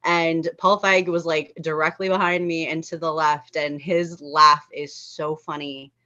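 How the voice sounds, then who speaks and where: A woman's voice: low voice, flat delivery, a little slow, sharp tone. A woman from Los Angeles hosting a casual online chat, telling stories with frequent laughs over a video call. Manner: chatty storyteller, laughs often. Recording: dull lo-fi call audio.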